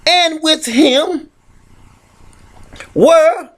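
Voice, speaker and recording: A man with a very high-pitched voice, speaking extremely slowly, preaches a fiery sermon. He reads scripture aloud and shouts emphatic points, often restarting his phrases.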